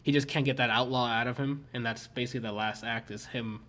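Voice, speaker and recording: A man's voice: medium pitch, fairly even intonation, fast, sharp tone. Rambling, swearing young streamer man. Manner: rambling, swears a lot, many fillers. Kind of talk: casual chat.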